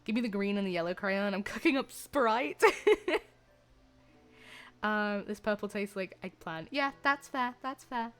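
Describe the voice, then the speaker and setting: A woman's voice: mid-range voice, a little slow, fairly bright tone, clear, resonant tone. A young woman chatting playfully with her stream viewers, rambling and giggling. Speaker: livestreamer. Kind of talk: casual chat with viewers.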